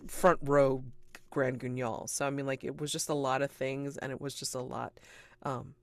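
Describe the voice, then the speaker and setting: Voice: medium pitch, little pitch movement, moderate pace, no room sound. Rambling, upbeat game master, dry close sound. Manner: rambling, enthusiastic, with many fillers and laughs. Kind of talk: wrapping up a tabletop game session.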